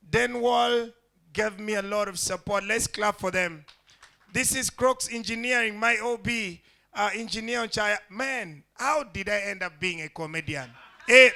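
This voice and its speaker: A man's voice: sits high, gravelly, sharp tone. A man doing stand-up on a live stage, telling a story animatedly and acting out the voices in it. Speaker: stand-up comedian.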